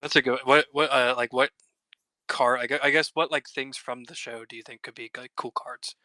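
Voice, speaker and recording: Man, podcast co-host, excitable, stop-start sentences, very bright tone, dry sound. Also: mid-range voice, normal speed, dry recording. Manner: eager and excitable, restarts often. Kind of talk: casual podcast chat.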